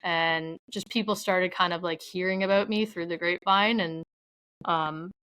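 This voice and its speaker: Telling stories as a podcast guest, this young adult woman from Canada rambles chattily, leaning hard on "like" and quoting people along the way. She speaks at normal speed in a fairly low, steady, fairly bright and smooth voice, with no echo but poor audio.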